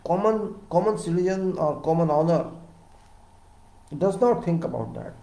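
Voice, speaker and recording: A man with an Indian English accent giving a lecture-style talk on civil engineering, emphatic and repeating words, his voice rising loud and dropping soft. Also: a little high, animated, normal speed, vocal fry, roomy sound, low-quality recording.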